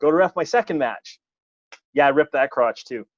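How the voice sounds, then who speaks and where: Man, referee guest, self-deprecating anecdote, higher pitch, dry, muffled lo-fi audio. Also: lively intonation, moderate pace, no echo. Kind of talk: casual storytelling. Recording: dull lo-fi dry podcast audio.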